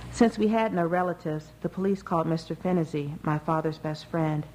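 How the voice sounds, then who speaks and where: A woman reading a first-person novel aloud in a measured, even way. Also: low voice, slight background noise, low-quality recording. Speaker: audiobook narrator. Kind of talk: first-person literary narration.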